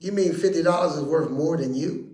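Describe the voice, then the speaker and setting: A man preaching at a Bible study, talking folksy and plain, calling out to the congregation and rising now and then into shouts. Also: a little high, a little fast, reverberant. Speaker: bishop teaching Bible study.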